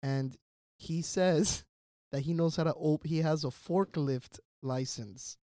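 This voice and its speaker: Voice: mid-range voice, slow pace, mellow, no echo, clean studio sound. A host in casual chat, teasing a guest and laughing while setting up the next story.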